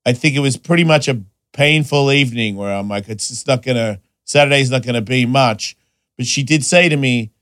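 A man in his forties, a podcast host, telling stories in crude, animated casual chat with loud voiced quotes. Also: medium pitch, brisk, no room sound, clean studio sound.

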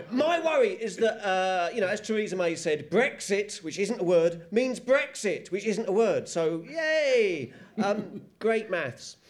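A man, a comedian doing a wry, animated stand-up routine on a comedy panel show. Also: high voice, slow pace.

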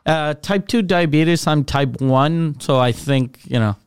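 Smooth-voiced hesitant podcast co-host. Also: male voice, fairly high pitch, measured pace, no echo, studio quality. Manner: hesitant, full of fillers. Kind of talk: casual chat.

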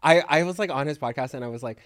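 A young man hosting a casual podcast chat, animated and quick to laugh, with loud swings in his voice. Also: medium pitch, dry recording, clean studio sound. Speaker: podcast host. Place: campsite set.

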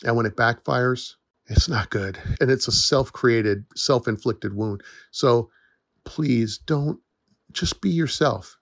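Taking it slowly, a middle-aged man hosts a casual solo podcast, where he works as a forest educator. He comes across as earnest and reassuring and laughs from time to time, his mid-range voice recorded at studio quality with no room sound.

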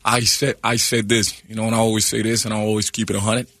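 A man doing an impression of a famous older male film actor, talking slowly and teasingly and tagging lines with "huh?". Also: lowish voice, flat delivery, a bit bright. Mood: sly. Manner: slow, teasing, keeps asking "huh?". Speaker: comedian guest. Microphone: studio microphone.

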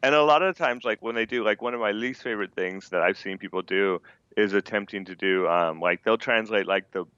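A man who translates Japanese comics, talking in an animated, opinionated way with many fillers. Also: on the low side, a little fast, clean tone, no room sound, muffled recording. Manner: animated, opinionated, frequent "you know" fillers. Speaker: manga translator guest. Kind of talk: podcast conversation.

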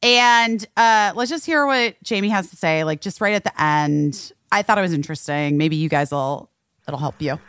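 A woman co-hosting a podcast in casual chat, animated and teasing, laughing easily. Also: lowish voice, normal speed, smooth, no room sound, clean studio sound. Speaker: podcast co-host.

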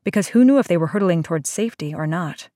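Low-voiced woman narrating a story. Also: lively intonation, fast, warm tone, dry recording, clean studio sound. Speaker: audiobook narrator. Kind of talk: scripted narration.

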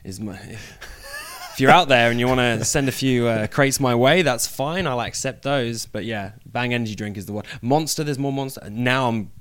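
A young British man, a wrestler, chatting casually in an interview with playful deadpan jokes. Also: mid-range voice, normal speed, clear, resonant tone. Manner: joking, playful, deadpan asides. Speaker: wrestler guest.

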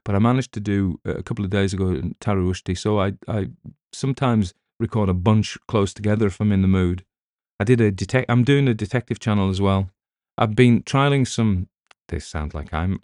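A middle-aged British man with a very low, mellow voice talks in a loose, rambling way. He drifts between topics and drops in wry asides. The sound is close and dry, with no room around it. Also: brisk, dry recording. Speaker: audiobook narrator. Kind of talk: casual chat.

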